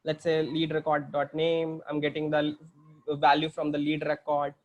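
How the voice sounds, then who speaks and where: Indian english guy demoing software, kinda high voice, lots of uh and restarts. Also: monotone, normal speed, highs cut off. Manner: hesitant, many fillers and restarts while clicking through. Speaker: software demo presenter. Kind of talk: screen-share tutorial walkthrough.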